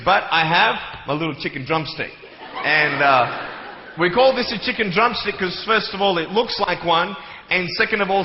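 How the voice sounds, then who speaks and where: A man's voice: fairly high pitch, a little hiss or hum. A young man, giving a joking motivational talk to a live audience in a large hall and acting out little scenes as he goes. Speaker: motivational speaker. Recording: echoey hall, slightly dull sound.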